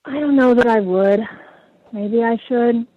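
A woman's voice: on the high side, measured pace, no echo, lo-fi sound. A woman in her forties, a guest on a call-in radio show, answering callers hesitantly and laughing between phrases.

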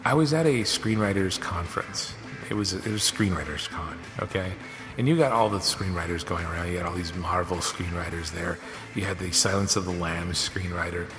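A low-voiced man hosts his podcast from his office, telling a story in an animated, casual way. He acts out other people's lines as he goes. The room has a long ringing reverb, and music plays clearly underneath. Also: moderate pace. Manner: animated, acts out quoted dialogue. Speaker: podcast host. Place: home office studio.

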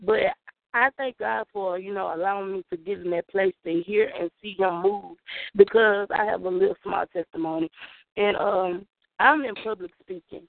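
A woman's voice: mid-range voice, animated, normal speed, gravelly, no room sound. A young woman from the Southern US with a Southern accent, calling in to give an emphatic, preacher-style testimony. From Southern United States. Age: young adult. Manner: emphatic, preacherly, talks straight to listeners. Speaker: caller. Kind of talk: spoken testimony on a call-in show. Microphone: phone call. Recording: tinny phone line, dry.

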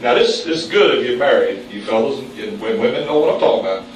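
A man preaching a sermon in a church, calling on the congregation for responses and jumping up in pitch for emphasis. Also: lively intonation, fast, slight background noise. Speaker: pastor. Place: church sanctuary. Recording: very echoey room, mic at a distance.

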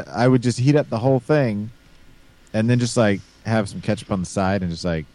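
A man's voice: on the low side, normal speed, dark tone. A man co-hosting a podcast in casual chat, rambling with crude jokes and lots of fillers over a remote call mic. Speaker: podcast co-host.

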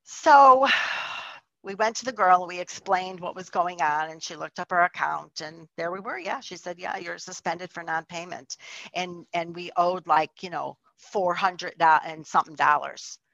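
A woman's voice: fairly low pitch, moderate pace, bright, forceful tone, no room sound, muffled recording. A woman telling a personal testimony in a chatty way, full of likes and restarts. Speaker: storyteller.

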